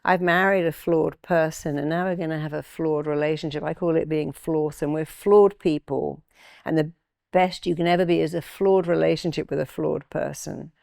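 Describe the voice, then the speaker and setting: Gravelly older woman telling anecdotes. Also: sits low, moderate pace, no echo, clean studio sound. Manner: animated, acts out quoted voices. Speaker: therapist and author. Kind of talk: interview guest, storytelling.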